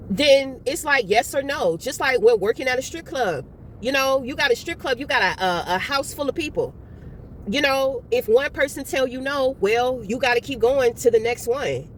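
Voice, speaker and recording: Woman, tarot reader, fairly high voice, blunt, swears freely, animated, faint background noise. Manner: blunt and profane, animated storytelling. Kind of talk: casual tarot reading monologue.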